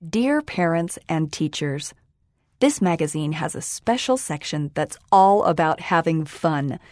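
A woman reading a children's magazine aloud in a calm, even scripted style. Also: sits low, a little slow, no echo, clean studio sound. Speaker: magazine reader.

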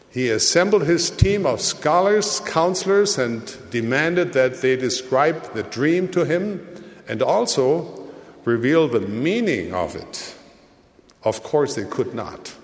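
A man preaches in a very slow, deliberate cadence, his voice pitched in the middle range for a man. He lifts his voice for emphasis and then drops it low and soft. The sound carries the long reverb of a large hall. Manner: slow, measured delivery with dramatic rises and drops. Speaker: church leader. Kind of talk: sermon.

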